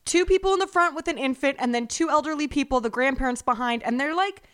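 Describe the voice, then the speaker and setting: A young woman with a high voice tells a story on a casual podcast. She is animated and swears freely, and she slips into quick impressions of the people in the story. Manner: animated, profane, acts out other people's lines. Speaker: podcast co-host.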